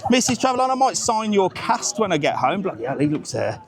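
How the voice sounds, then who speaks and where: A man's voice: high voice, big pitch swings, fairly quick. A man hosting a live travel vlog as he walks outdoors in the rain, talking bluntly and swearing as he chats with his viewers. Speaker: travel vlogger host. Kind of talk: live-streamed walking vlog. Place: outdoors on a seaside promenade in rain.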